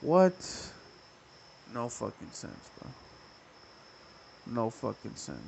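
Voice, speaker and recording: Young male podcast host, gravelly, animated profane storyteller. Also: medium pitch, normal speed, background noise. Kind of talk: casual storytelling.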